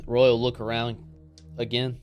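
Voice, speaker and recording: A man's voice: mid-range voice, monotone, moderate pace, muffled recording, soft background music. A man playing a tabletop game, talking casually and a bit hesitantly, slipping into his character. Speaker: player.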